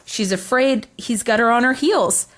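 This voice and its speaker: A young adult woman co-hosting a podcast, recapping an episode in casual chat, animated and swearing freely. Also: fairly high pitch, moderate pace. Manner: animated, swears freely, acts out scene lines. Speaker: podcast co-host.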